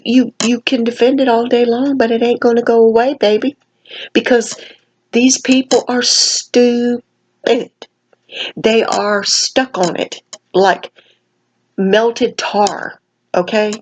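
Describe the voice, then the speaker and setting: Tired woman vlogger, slightly slurred, folksy emphatic commentary rant, average pitch. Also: a little mellow, a little hiss or hum, rough recording. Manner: folksy, emphatic, sprinkles "honey" and "baby". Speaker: vlogger commenting on another channel.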